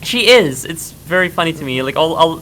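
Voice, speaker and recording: A streamer chatting casually during a live watch-along, relaxed and amused while recapping the plot. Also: mid-range voice, fairly quick. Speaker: streamer co-host.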